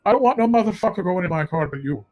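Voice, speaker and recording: A man's voice: high voice, lively intonation, very fast, dark tone. A man voicing a blunt, crude older Irish police captain with a put-on brogue. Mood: gruff.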